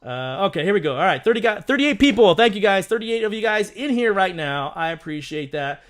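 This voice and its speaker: A man in his thirties hosts a casual live stream, chatting excitedly with viewers and rambling with many restarts. His voice is high-pitched and his pace brisk.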